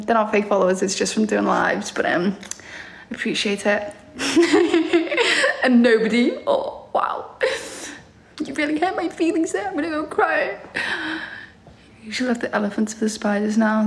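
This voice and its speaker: Slow-talking woman teasing her live chat. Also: on the high side, a little hiss or hum. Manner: teasing, sarcastic replies to chat, laughs often. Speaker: live streamer reading comments. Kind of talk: casual live-stream chat.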